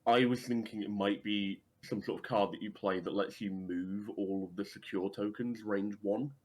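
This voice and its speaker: A man co-hosting a casual gaming podcast, animated and swearing casually. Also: lowish voice. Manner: animated, swears casually, acts out quick voices. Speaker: podcast co-host.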